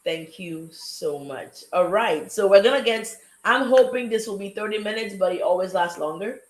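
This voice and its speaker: A woman with an African accent hosts a live talk show, welcoming viewers and a guest with exuberant, effusive energy in upbeat chat. Her mid-range voice is expressive and moves at a moderate pace. The recording is low quality, with a roomy sound.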